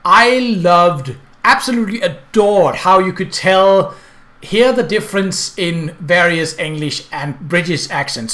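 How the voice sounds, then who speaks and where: A man with a Danish accent talks through a video game in a loose, rambling way, full of "like" and "uh". His voice sits a little higher than most men's. He is a native Danish speaker chatting casually in English. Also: fairly bright tone. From Denmark. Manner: rambling, filler-heavy. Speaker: game commentator.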